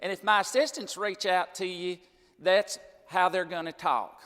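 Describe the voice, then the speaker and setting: Brief: loud, high South Carolina drawl from a small-town man, as a Kansas-born speaker imitates it, ringing in a church hall. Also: steady tone, moderate pace, clear, resonant tone. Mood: mock folksy. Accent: South Carolina, put on.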